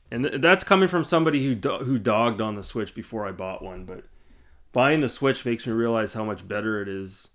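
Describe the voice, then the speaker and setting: A man hosting his own gaming channel, talking on camera in a casual, rambling, blunt way, swearing and laughing at himself. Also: medium pitch. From Canada. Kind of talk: casual vlog chat. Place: indoors, side-lit room.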